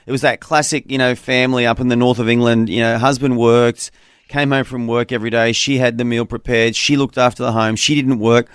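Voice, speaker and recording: Radio host, male, mid-pitched, conversational storyteller, dry close studio sound. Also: level tone, smooth, dry recording. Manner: warm conversational storyteller, slows to repeat phone number. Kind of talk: call-in radio talk.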